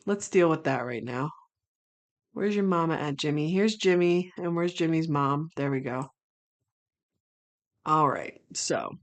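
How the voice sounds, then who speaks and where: A woman streaming casual commentary, swearing freely, sometimes breaking into loud exasperated rants and sometimes rambling thoughtfully with many restarts. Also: sits low, a little slow, pauses often.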